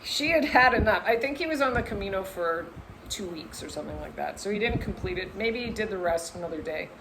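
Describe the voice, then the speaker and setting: A woman vlogger telling a personal story to camera in a casual, animated way, full of "like" and acted-out voices. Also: mid-range voice, a little fast, noisy background. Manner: animated, lots of "like", acts out voices in her story.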